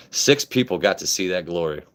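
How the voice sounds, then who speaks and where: A man in his late thirties from Maryland, casually chatting and joking with viewers on a phone live stream, loose and profane. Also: sits low. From Maryland, USA. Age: 30s.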